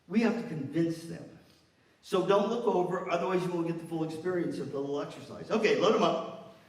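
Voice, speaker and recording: Energetic male workshop presenter, slightly high voice, distant mic, very echoey hall. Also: a little fast. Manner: energetic, coaching participants through a partner exercise. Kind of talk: interactive workshop with audience exercise. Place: large hall with an audience. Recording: far-off echoey hall with room noise.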